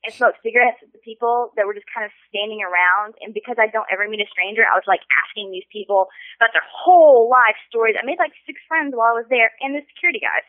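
Woman caller, excitable and profane, quick-talking, phone-line sound. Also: on the high side, dry recording. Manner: excitable, swears freely, intense storyteller. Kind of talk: casual call-in chat. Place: on a phone call.

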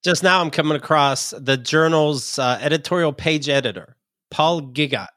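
A man's voice: fairly high pitch, normal speed, sharp tone, dry recording, clean studio sound. A man co-hosting a casual chat show, reading out news quotes and answering them with sarcasm. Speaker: podcast co-host.

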